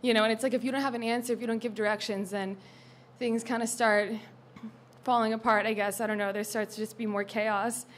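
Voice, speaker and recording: Young woman, open mic, raw frustrated rant, a bit high-pitched, heavy swearing. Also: flat delivery, brisk. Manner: frustrated, rambling, swearing, flaring into shouts. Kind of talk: spoken monologue at an open mic.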